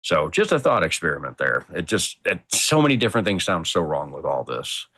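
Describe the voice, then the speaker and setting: Deep-voiced man talking animatedly. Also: big pitch swings, brisk, bright, forceful tone, slightly rough, no room sound. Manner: emphatic, thinks aloud. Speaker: podcast guest. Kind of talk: casual chat.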